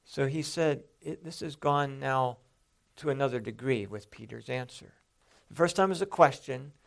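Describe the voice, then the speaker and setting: A man's voice: mid-range voice, moderate pace, vocal fry. A man teaching a Bible sermon, explaining passages step by step and stressing quoted lines with emphatic rises.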